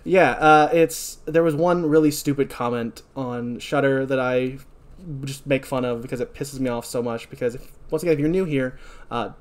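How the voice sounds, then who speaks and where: Male podcast co-host, mid-pitched, casual recap delivery with heated rants. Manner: reads episode notes and quotes dialogue flatly between asides; gets heated and fast when ranting.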